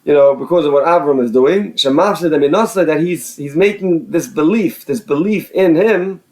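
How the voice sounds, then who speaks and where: A man's voice: on the high side, moderate pace, a little mellow. A man teaching a religious text, reading out Hebrew phrases and translating each into casual English, often repeating words and restarting. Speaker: Torah teacher.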